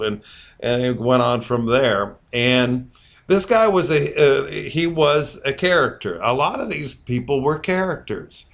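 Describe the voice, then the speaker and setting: A man's voice: medium pitch, normal speed, creaky. Man co-hosting a casual church podcast. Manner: rambling, anecdotal, drifts between examples. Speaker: podcast co-host.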